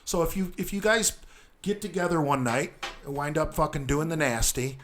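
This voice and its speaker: A man's voice: on the high side, moderate pace, a little hiss or hum. A man, a podcast guest giving blunt, profane advice in crude casual banter.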